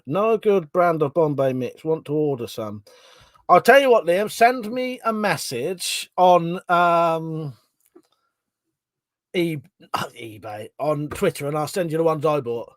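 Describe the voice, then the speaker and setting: A man's voice: a little high, very animated, slow, no echo. A man from England, hosting a casual livestream, reading out viewer comments, laughing often and swearing casually. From southern England. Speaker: livestream host.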